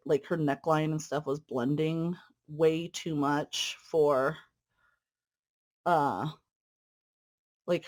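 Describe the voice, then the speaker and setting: A woman talks casually to her viewers while she works on a cross-stitch piece. Her talk is friendly and rambling, full of fillers and asides. Now and then she pauses mid-thought as she threads and pulls stitches. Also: lowish voice, darkish tone. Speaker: cross-stitch video host. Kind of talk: casual stitch-along chat.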